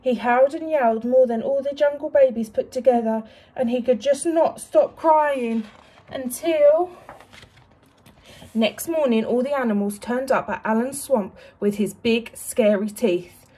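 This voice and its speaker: A woman teacher reads a picture book aloud to young children. She is expressive and often stops to ask them questions. Her voice is fairly high with a husky grain. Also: a little slow.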